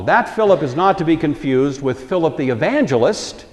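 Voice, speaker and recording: A man's voice: a little high, lively intonation, normal speed, hardly any pauses, big-room sound. A man teaching a Bible lecture in a conversational storytelling way, acting out the quoted lines.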